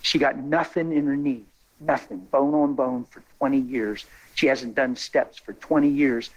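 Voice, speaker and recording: A man telling a testimony in a sermon, animated and folksy, building to excited exclamations. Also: medium pitch, a little slow, dull audio. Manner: colloquial, folksy phrasing.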